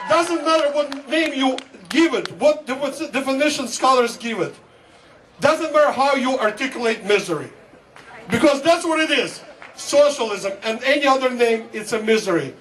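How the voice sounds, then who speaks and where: High-voiced man, giving a fiery rally speech. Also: lively intonation, normal speed. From Soviet Union (Russia). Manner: fervent, repeats a rallying slogan. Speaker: guest speaker at a political rally. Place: outdoor rally before a large crowd. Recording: distant mic, loud crowd and noise.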